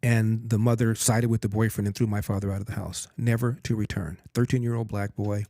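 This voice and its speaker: A man in his sixties speaks as a guest with a low, gravelly voice and a quick pace. He tells a personal story earnestly and with emphasis. The sound is dry and close. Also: little pitch movement, warm tone, no room sound. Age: 60s. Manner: earnest, emphatic storyteller who acts out quotes.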